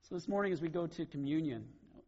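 A man's voice: a little high, expressive, fast, mellow, highs cut off. A middle-aged male pastor preaching in an earnest, conversational way. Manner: conversational, earnest, laughs between points. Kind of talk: sermon.

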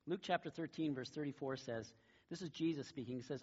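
A man's voice: medium pitch, brisk, husky, dull audio. A middle-aged man preaching a sermon, telling stories in a conversational way and laughing now and then. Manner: conversational storytelling with a warm laugh. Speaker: pastor.

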